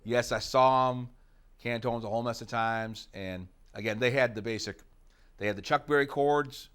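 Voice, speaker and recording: A man's voice: medium pitch, steady tone, moderate pace, a bit bright, smooth. Rambling middle-aged man in casual interview. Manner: rambling, many fillers and asides. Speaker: interviewee, rock guitarist.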